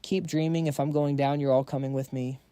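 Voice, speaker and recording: A man's voice: mid-range voice, flat delivery, fairly quick, warm tone, clean tone, no echo, lightly acted. A man voicing an unhinged, taunting male bomber villain in a comic recap.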